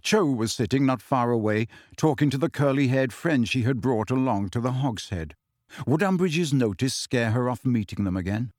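Male audiobook narrator, lively, expressive, dry close sound. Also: medium pitch, moderate pace, no room sound.

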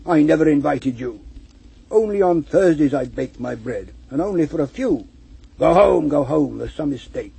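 A man voicing a husky, kindly lonely troll. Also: fairly high pitch, animated, normal speed, dark tone, full character voice. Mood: firm. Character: lonely gentle old male troll, kind. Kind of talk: poetry reading.

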